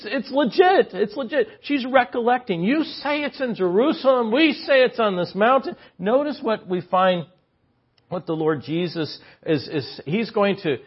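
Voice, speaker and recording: Animated man teaching a sermon, lo-fi. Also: slightly rough. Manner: animated storytelling, swings between loud emphasis and low asides. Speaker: Bible teacher. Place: church hall.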